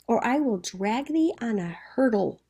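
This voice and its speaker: A woman reading the lines of a stern, angry father who rants and calls names, in a slightly gravelly voice. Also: fairly high pitch, expressive, measured pace, warm tone, heavily acted. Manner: harsh, emphatic, name-calling. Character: stern angry father, older man, ranting.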